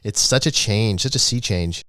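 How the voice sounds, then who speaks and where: A man's voice: fairly low pitch, normal speed, fairly bright tone, no echo, clean studio sound. A man co-hosting a podcast, explaining the history at length with frequent restarts. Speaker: podcast co-host. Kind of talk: podcast commentary.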